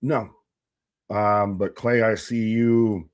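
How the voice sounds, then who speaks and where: A man's voice: fairly low pitch, steady tone, slow pace, no room sound, clean studio sound. A man co-hosting a casual live wrestling stream, joking and reading out viewers' names from the chat. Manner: jokey, reads out chat names and shout-outs. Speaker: co-host of a live wrestling watch-along stream.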